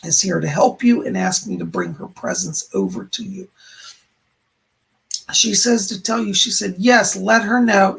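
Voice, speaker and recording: On his live stream, a man working as a psychic medium does readings for viewers who donate and rambles while passing on messages from spirits. His voice sits high, sounds a bit bright, and is wearing hoarse.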